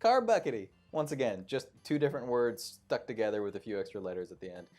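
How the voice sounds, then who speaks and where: Lively, joking male quiz host. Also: fairly low pitch, fast, soft background music. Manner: playful, jokey, chatty asides. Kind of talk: live online trivia hosting.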